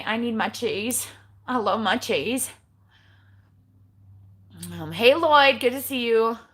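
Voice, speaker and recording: A woman's voice: mid-range voice, sharp tone. A middle-aged woman chatting casually on a livestream recorded on her phone, blunt and chatty with eye-rolling asides. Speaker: keto vlogger.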